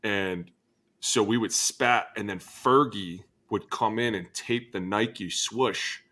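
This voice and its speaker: A man's voice: lowish voice, slow. A man in his thirties, a former football lineman co-hosting a podcast. He tells stories with energy, swears freely and acts out what people said. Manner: animated storyteller who acts out quotes, swears freely, laughs often. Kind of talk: casual chat.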